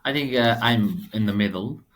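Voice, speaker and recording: A man in his thirties from Afghanistan with an Afghan accent, a podcast guest speaking earnest, halting second-language English. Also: on the low side, a bit bright. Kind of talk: podcast interview.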